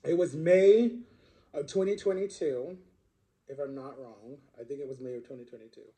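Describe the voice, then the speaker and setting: A young man talks straight to his followers in a loose storytime monologue, circling back and restarting his sentences as he goes. His voice sits a little high for a man but has a soft, mellow color. He sounds unscripted and chatty throughout. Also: fairly even intonation, normal speed. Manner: rambling, conversational, lots of fillers and restarts. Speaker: social media creator.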